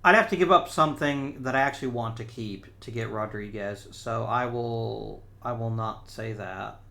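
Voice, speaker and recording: Man, gaming host, casual play-by-play thinking aloud, bright tense voice, mid pitch. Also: normal speed, creaky. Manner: thinks aloud, talks to players on screen. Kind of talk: casual let's-play commentary.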